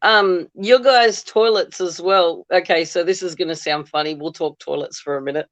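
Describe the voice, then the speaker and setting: High-voiced man, chatty. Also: steady tone, normal speed, a bit bright, dry recording. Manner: chatty, laughs often. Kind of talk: casual chat.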